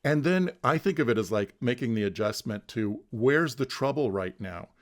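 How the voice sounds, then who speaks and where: Over an online video call, a man facilitates a mindfulness class in casual teaching chat, talking through ideas thoughtfully, often restarting words and laughing easily. His voice is medium-pitched with lively intonation at a normal speed.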